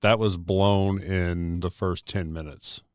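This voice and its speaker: A man, co-hosting a podcast in relaxed, laid-back banter. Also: low voice, takes it slowly, no room sound, studio quality. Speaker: podcast co-host. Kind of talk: casual chat.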